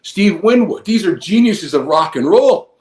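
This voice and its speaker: A man's voice: high-pitched, expressive, unhurried, darkish tone. A man in his fifties, a former wrestler, telling a long rambling story full of profanity. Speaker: guest, former pro wrestler. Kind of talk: casual storytelling. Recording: echoey room.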